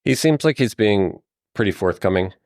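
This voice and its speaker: A man serving as game master, narrating a tabletop game in a relaxed way with frequent fillers. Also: on the low side, normal speed, dry recording, clean studio sound.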